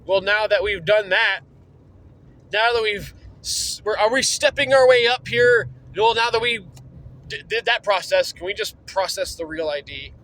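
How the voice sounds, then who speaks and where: A man's voice: high-pitched, a little hiss or hum, low-quality recording. A young man ranting angrily and profanely from inside his car. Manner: heated, profane, talks fast and loud. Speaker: vlogger. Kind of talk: angry rant.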